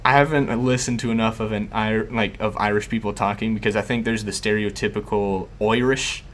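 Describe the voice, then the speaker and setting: A man's voice: fairly low pitch, fairly even intonation, brisk. A man hosting a podcast in casual chat, chatty, laughing often and filling with "like". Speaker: podcast host.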